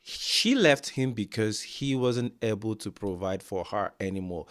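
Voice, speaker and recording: A man's voice: lowish voice, measured pace, fairly bright tone. A man hosting a reaction video, talking emphatically and repeating his points for stress. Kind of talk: casual reaction commentary.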